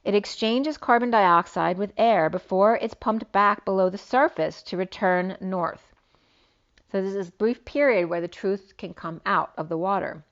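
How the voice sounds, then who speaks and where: A woman's voice: medium pitch, dull audio. A woman giving a solo spiritual reading, rambling and free-associating from one idea to the next. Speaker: spiritual reader.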